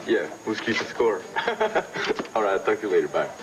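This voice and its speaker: A man's voice: fairly low pitch, fairly quick, close to an everyday voice. An actor playing a playful, joking young man in a 1980s TV soap opera. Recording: hissy old TV broadcast recording.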